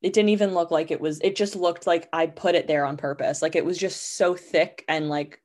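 A woman's voice: fairly low pitch, steady tone, moderate pace, darkish tone. A young woman hosting a podcast, telling stories in a rambling, chatty way full of "like" fillers. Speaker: podcast host. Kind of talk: casual storytelling monologue.

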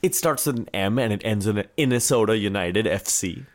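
A man's voice: on the low side, brisk. A man from India co-hosting a podcast, chatting casually and playfully. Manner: animated, playful with points game. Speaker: podcast co-host. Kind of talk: casual chat.

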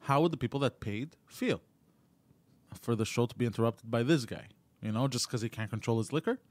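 A man's voice: mid-range voice, brisk. A man co-hosting a casual livestream chat, telling stories in a laid-back, earnest way. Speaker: co-host.

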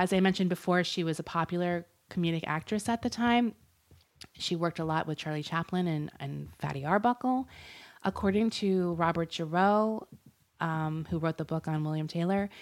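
A woman co-hosting a podcast, retelling a true-crime story in casual, rambling chat and laughing often. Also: on the low side. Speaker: podcast co-host.

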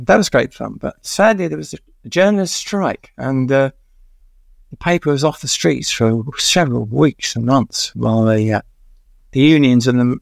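Older male guest, gravelly voice, dry close sound, rambling anecdotal storyteller with many pauses. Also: mid-range voice, dry recording. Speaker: veteran music journalist, guest.

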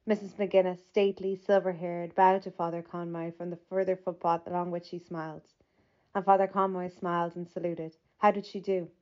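A woman narrating a literary audiobook in a measured, even reading that lifts slightly for quoted speech. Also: lowish voice. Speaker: audiobook reader. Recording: slightly muffled lo-fi recording.

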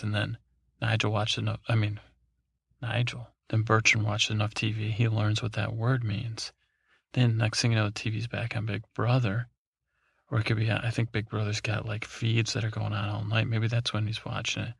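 A man's voice: fairly low pitch, monotone, moderate pace, vocal fry, slightly rough, no echo, clean studio sound. A man hosting a podcast, telling a meandering, drowsy bedtime story with many fillers and restarts. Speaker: podcast host.

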